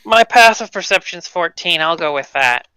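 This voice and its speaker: A woman playing a tabletop game, asking quick, eager questions. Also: lowish voice, lively intonation, bright, forceful tone, clear, resonant tone, no room sound, poor audio. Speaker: player.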